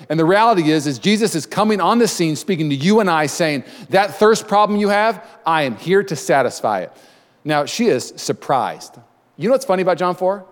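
A man preaching a sermon as pastor, animated, dramatizing quotes and calling out to the congregation. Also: on the high side, long reverb tail. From United States.

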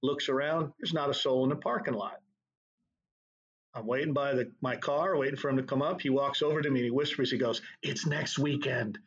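A middle-aged man, a drum corps tour director, telling anecdotes in a relaxed, storytelling way during an interview. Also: mid-range voice, fairly quick, husky, highs cut off. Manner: relaxed anecdotal, laughs at own stories.

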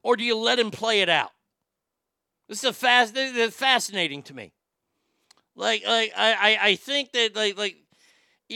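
A man's voice: high voice, vocal fry, bright, forceful tone, clear, resonant tone, no room sound, studio quality. A man hosting a comedy podcast, rambling and joking crudely, often stammering and repeating words. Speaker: podcast host.

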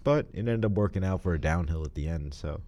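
A man's voice: deep voice, fast, warm tone. A young man co-hosting a podcast in casual chat, joking and teasing his co-host. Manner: joking, teasing, puts on bad accents.

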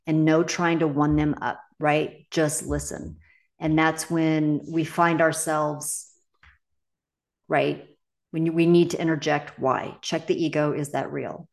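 Low-voiced woman coaching candidly. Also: gravelly, a little mellow. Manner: candid and emphatic, swears freely. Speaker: confidence coach and podcast host. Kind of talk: casual solo podcast talk.

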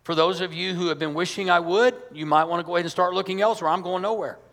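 Male pastor, high voice, emphatic conversational sermon, long church-hall reverb. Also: steady tone, fast talker, a bit bright. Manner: emphatic, conversational preaching with rhetorical questions.

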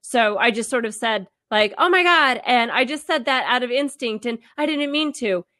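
A woman's voice: fairly high pitch, moderate pace, fairly bright tone. A woman co-hosting a podcast in casual chat, reading out a listener letter and talking it over with lots of fillers. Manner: reads listener letters, chatty with many fillers. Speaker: podcast co-host.

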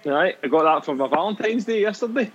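A man's voice: sits high, expressive, fast talker, highs cut off, background noise. A man with a Scottish accent, co-hosting a casual football chat, hesitant and prone to repeating himself. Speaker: podcast co-host.

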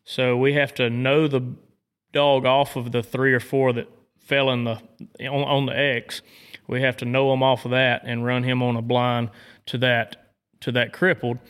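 A man from Georgia with a Southern accent, explaining dog training in a casual chat, measured and steady. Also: medium pitch, clear, resonant tone. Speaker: dog trainer and duck hunter.

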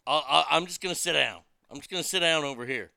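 A man's voice: on the high side, fast talker, vocal fry, bright, forceful tone, no room sound, clean studio sound. A man telling a story as a profane rant, stammering and repeating his words as he swears.

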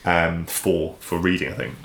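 Guy on a podcast, fairly low voice, lively, acts out little voices, roomy echo. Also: moderate pace. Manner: animated, acts out quoted inner voices. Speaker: podcast guest. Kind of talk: casual interview chat.

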